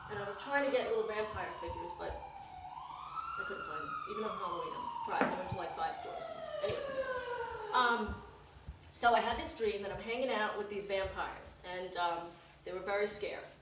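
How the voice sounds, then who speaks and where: Brief: expressive middle-aged woman telling a funny story live, distant mic, big reverberant room. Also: mid-range voice, a little hiss or hum. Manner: animated, acts out voices. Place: performance room. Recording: echoey room from far off.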